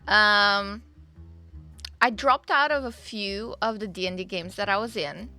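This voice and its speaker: A woman's voice: mid-range voice, measured pace, bright, forceful tone. A young woman streaming live, chatting casually and rambling to her viewers with fillers and the odd swear. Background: faint game music.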